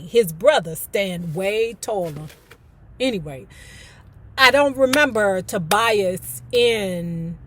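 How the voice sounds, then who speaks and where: A woman with a fairly high voice reads a novel aloud for her book club, recorded dry. She's animated, breaking off between passages for chatty, sassy commentary.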